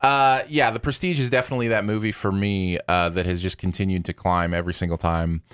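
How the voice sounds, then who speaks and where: A young adult man co-hosting a casual movie podcast, enthusiastic and animated as he tells stories. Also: low-pitched, quick pace, clear, resonant tone, dry recording, clean studio sound. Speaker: podcast co-host.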